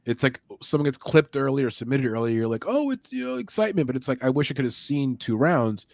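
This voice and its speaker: Man, betting show host, middle pitch, animated, dry close sound. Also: fast, no echo. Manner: animated, talks through betting angles. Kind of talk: casual sports betting chat.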